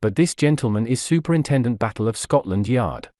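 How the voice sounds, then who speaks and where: A man voicing a quick-witted young gentleman who speaks lightly and ironically. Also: medium pitch, animated, no room sound, clean studio sound, lightly acted. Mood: dry ironic.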